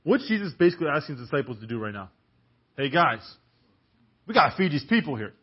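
A man's voice: fairly high pitch, sing-song, fast talker, breathy edge. A man preaching a sermon in a church, emphatic and full of rhetorical questions, on a dull lo-fi recording.

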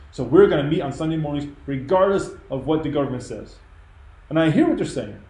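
A man preaching, earnest and emphatic, with a voice pitched a little above the usual. His conversational sermon echoes around a roomy church. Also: warm tone. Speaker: pastor.

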